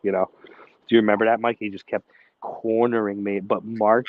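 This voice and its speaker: A man's voice: fairly low pitch, little pitch movement, moderate pace, phone-quality sound. A brash man co-hosting a casual podcast, swearing constantly as he tells stories. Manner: brash, swears constantly, acts out quotes in a raised voice. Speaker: podcast co-host. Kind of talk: casual profane storytelling chat.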